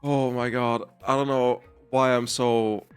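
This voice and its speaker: A man's voice: medium pitch, flat delivery, takes it slowly, smooth, faint music behind. Giggly rambling male game streamer. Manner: giggly, rambling, with frequent restarts. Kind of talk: casual live-stream commentary.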